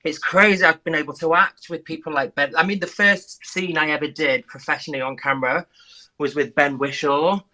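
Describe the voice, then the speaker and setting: Excitable Liverpool man, guest in casual chat, bright and a touch high. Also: brisk, poor audio. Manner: excitable, effusive. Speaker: guest contestant.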